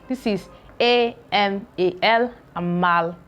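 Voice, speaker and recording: Slow, deliberate woman teaching pronunciation. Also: mid-range voice. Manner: repeats each word slowly, syllable by syllable, then explains; frequent checking "okay?". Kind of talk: slow spoken pronunciation lesson.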